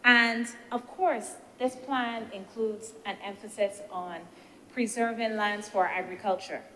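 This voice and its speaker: A woman senator giving a measured, deliberative speech in a senate debate, posing rhetorical questions as she weighs the points. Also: medium pitch, a bit bright. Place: senate chamber. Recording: reverberant chamber with faint background noise.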